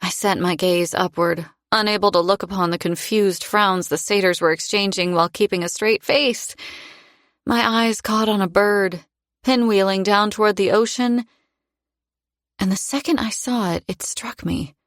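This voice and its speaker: A woman narrates a fantasy story in first person, in a middle-pitched voice with a measured, expressive delivery. The sound is dry and close, with no room around it. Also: dry recording. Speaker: audiobook narrator.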